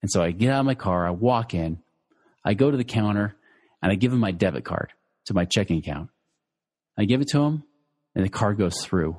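A man's voice: on the low side, lively intonation, brisk, pauses often, darkish tone, in a large hall. A middle-aged man who teaches personal finance, telling listeners a personal story in a loose conversational way, full of fillers and restarts. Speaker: financial educator.

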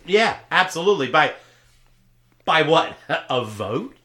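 A man's voice: a little high, big pitch swings, takes it slowly, sharp tone. A man co-hosting a satirical podcast chat, playing it mock-earnest, agreeing emphatically and swearing freely. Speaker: podcast co-host.

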